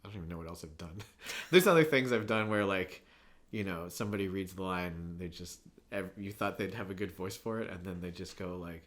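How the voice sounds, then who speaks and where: A man's voice: sits low, a little fast, fairly bright tone. A young man, a guest on a podcast, chatting casually about making cartoons and telling long, rambling stories full of fillers and laughs. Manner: rambling storyteller, filler-heavy, laughs often. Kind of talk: casual chat.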